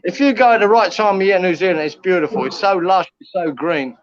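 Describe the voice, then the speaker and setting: A man's voice: high-pitched, a little fast, dull audio, a crowd in the background. A middle-aged man from England chatting casually on a video call, calling everyone mate. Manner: chatty, says mate a lot. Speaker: West Ham fan chatting on a channel call. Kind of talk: casual chat.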